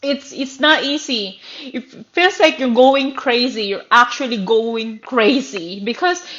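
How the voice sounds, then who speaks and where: A woman's voice: a little high, fairly bright tone. Earnest Filipino woman on a muffled livestream. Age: 30s. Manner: earnest, emotional, halting and searching for words. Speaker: livestream host. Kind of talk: personal livestream monologue.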